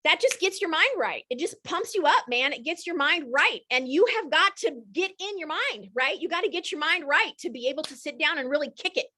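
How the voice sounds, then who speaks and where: A woman in her thirties or forties, hosting a live coaching session with energetic, motivational enthusiasm. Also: high-pitched, fairly quick, few pauses. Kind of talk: live-streamed coaching talk.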